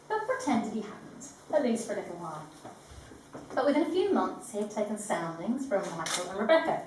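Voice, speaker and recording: A woman leads a wedding ceremony in a composed, gently humorous address. Her voice sits a touch high. She is caught from a distance, with heavy room echo and a faint background hiss. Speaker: wedding celebrant. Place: large echoing room at a ceremony. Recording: echoey room from far off.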